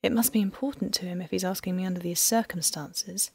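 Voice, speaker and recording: A woman narrating an audiobook, voicing a grieving young woman who is an art critic, in a soft and reflective way. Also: lowish voice, a little fast, husky. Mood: thoughtful.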